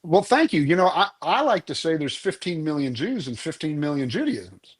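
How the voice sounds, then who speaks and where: A man's voice: on the high side, big pitch swings, moderate pace, breathy edge. A man, a musician guest in a podcast interview, speaking earnestly and telling stories with many restarts. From Oklahoma, US.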